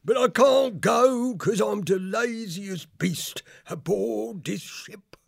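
A man's voice: high-pitched, takes it slowly, gravelly, no echo, studio quality, pitched above the performer's own voice, exaggerated voice. A man voicing a lazy, cowardly male ferret deckhand in an audiobook, with a whiny, common-speaking manner. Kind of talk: audiobook character voice.

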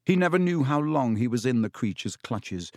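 A man reading a story aloud as an audiobook narrator, in a steady, even storytelling manner. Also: mid-range voice, moderate pace, no room sound. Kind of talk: scripted narration.

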